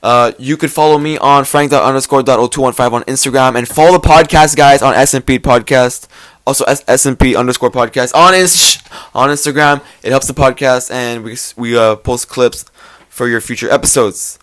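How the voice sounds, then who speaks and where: A young man hosting a casual podcast, loud and joking, swearing often and laughing easily. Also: mid-range voice, steady tone, a little fast. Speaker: podcast host.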